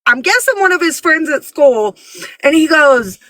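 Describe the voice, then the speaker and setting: High, bright-voiced woman telling stories. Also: moderate pace, dry recording. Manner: animated storyteller who acts out quotes. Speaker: parent telling stories on a podcast. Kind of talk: casual chat.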